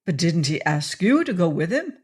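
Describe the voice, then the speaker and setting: A woman's voice: on the low side, big pitch swings, normal speed, a little mellow, breathy edge. Woman doing an earnest pirate captain. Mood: hopeful. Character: Irish pirate captain turned governor, earnest, lovesick.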